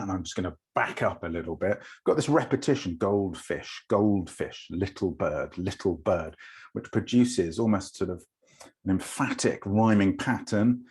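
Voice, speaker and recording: Low husky man with an RP accent. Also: a little mellow. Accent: English RP. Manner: thoughtful, with frequent ums and uhs. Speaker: lecturer. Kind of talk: recorded lecture on poetry.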